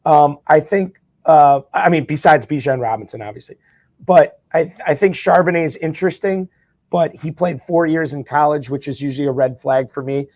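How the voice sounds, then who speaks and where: A man's voice: a little high, moderate pace, a little mellow, no echo, highs cut off. A man talking as a podcast guest, eagerly making his points with frequent stammered restarts. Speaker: guest, fantasy football champion. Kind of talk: casual podcast chat.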